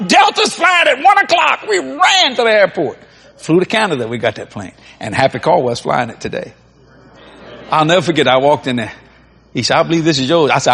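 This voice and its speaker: A man's voice: a little high, breathy edge. A man preaching a sermon, telling stories with acted-out quotes and frequent laughter. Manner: animated storytelling, acts out quotes, laughs often. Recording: long reverb in a large hall.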